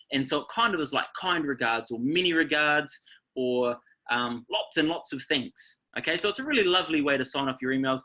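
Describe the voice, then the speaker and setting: A man with a New Zealand accent leads an online workshop, coaching his listeners and checking in with them as he goes. His voice is bright and a little high. He sounds like he is on a video call. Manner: upbeat, coaching, often checking in with "okay?". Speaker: workshop presenter.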